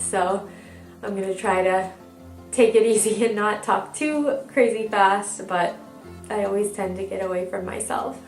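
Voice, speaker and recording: A woman's voice: medium pitch, steady tone, a little slow, faint music behind. A young woman giving a chatty, upbeat pregnancy update, stuffed up from a cold and a little out of breath. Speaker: vlogger. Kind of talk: casual pregnancy update vlog. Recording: echoey room, mic at a distance.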